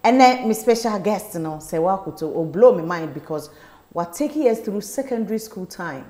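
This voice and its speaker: A woman hosting a talk show, introducing her guest with lively, punchy delivery. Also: medium pitch, moderate pace, echoey room.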